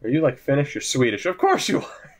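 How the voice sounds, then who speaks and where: A young man casually commentating his hockey video game, joking and swearing, swinging from low mutters to sudden shouts. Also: wildly swooping pitch, a little fast. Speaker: gaming commentator.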